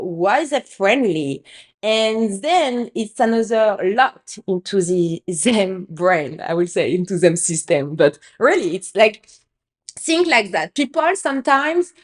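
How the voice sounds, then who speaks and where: A French-accented woman from France, hosting a podcast and telling business stories with a candid, emphatic manner. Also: medium pitch. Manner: candid, emphatic, swears freely, acts out quotes. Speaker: podcast host. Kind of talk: casual business storytelling.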